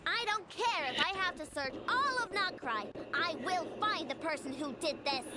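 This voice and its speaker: A woman's voice: very high voice, lively intonation, normal speed, heavy background noise. A woman voicing a spirited young girl who runs a robot workshop, talking in an earnest, emphatic way in video game dialogue. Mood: determined. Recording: game audio over loud music.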